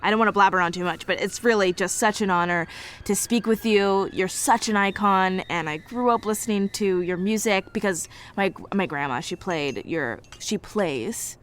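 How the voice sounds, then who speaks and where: An actress voices a nervous young woman, fretting and rambling as she prepares to interview her elders. Her mid-pitched voice sounds earnest and self-conscious. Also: moderate pace, slight background noise, lightly acted. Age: young adult. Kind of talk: audio drama acting.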